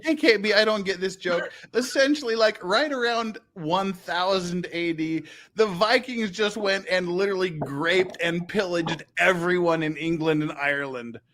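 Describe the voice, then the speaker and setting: A man's voice: sits high, normal speed, a bit bright. A man hosting a livestream in casual chat, laughing uncontrollably as he talks.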